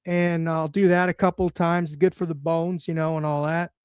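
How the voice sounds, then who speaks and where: A man in his sixties chats in a relaxed, easygoing way, circling back with fillers and repeated words. His voice sits high and sounds smooth and resonant. The recording is dry and close. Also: normal speed, no echo. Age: 60s. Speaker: guest. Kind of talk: casual chat.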